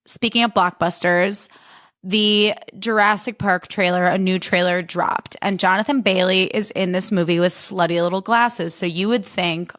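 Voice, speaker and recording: A woman's voice: lowish voice, moderate pace. Chatty young woman hosting a podcast. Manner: chatty, animated, self-deprecating, jumps into funny voices. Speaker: podcast host. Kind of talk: casual solo podcast chat.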